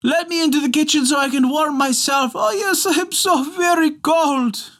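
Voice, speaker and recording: A tiny, ancient bearded mannikin wails and pleads in a thin, very high, strained voice. He sounds pitiful and sly at once, a folktale creature begging to be carried in from the cold. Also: normal speed, a bit bright. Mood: wailing pleas. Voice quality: wailing, pleading.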